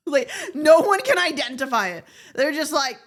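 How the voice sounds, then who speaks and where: Lively, profane woman streamer. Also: high voice, unhurried, a little hiss or hum. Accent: general American. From Southern United States. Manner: profane, joking, laughs often. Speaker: VTuber streamer. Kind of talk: casual live-stream chat with viewers.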